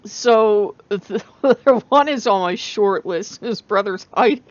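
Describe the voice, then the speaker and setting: A woman's voice: medium pitch, takes it slowly, no echo. A tired woman hosting a casual vlog, rambling with fillers and laughing often. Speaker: channel host. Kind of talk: casual spiritual vlog chat. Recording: dull lo-fi dry recording.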